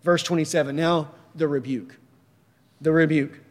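A man's voice: fairly high pitch, fairly even intonation, normal speed, a little mellow, big-room sound. A man preaching a sermon emphatically, reading verses and firing rhetorical questions.

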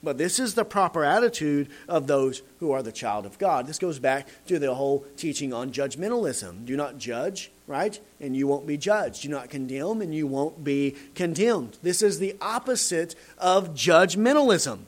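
A man preaching a sermon in a rhetorical, animated way, often tagging his points with "right?". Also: on the high side, normal speed, few pauses.

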